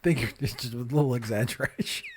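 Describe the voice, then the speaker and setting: A man's voice: mid-range voice, a little fast, breathy edge. A man co-hosting a podcast in casual chat, teasing the others with dry jokes. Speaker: podcast co-host.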